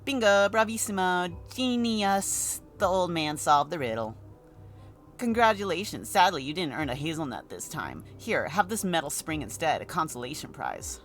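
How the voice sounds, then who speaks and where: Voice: mid-range voice, sing-song, normal speed, a bit bright, faint music behind, voice pushed up. A streamer voicing a bossy, mocking child guard who teases an adult and lists things in a sing-song way. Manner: teasing, sing-song listing.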